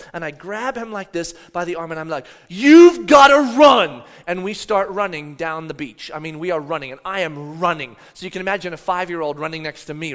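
A man in his thirties telling a personal story to an audience, animated, moving from shouting to a near whisper. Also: on the high side, in a large hall. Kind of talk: dramatic storytelling talk.

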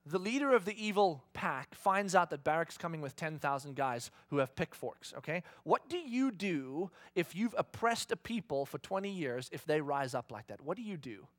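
Man, pastor, sermon, animated storytelling, high voice, dry close sound. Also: normal speed, few pauses, dry recording. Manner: animated storytelling, asks the congregation questions.

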